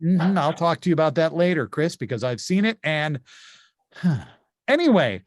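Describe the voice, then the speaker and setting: A man with a notably high voice hosts a comedy insult game from home over a video call. He is chatty and full of quick asides. The sound is dry, with no room echo. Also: sing-song. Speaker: game show host. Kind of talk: casual improv game hosting.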